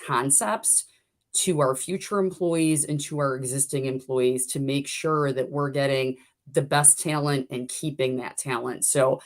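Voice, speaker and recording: A woman's voice: rumbling low, measured pace. A woman guest on a business webcast, explaining her sessions in an upbeat, fluent way. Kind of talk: casual webcast chat.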